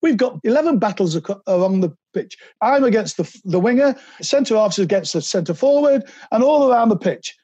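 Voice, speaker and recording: A man, a podcast guest telling animated anecdotes and slipping into quoted voices. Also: high-pitched, moderate pace, few pauses, no echo, dull audio. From England. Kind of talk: anecdotal interview storytelling.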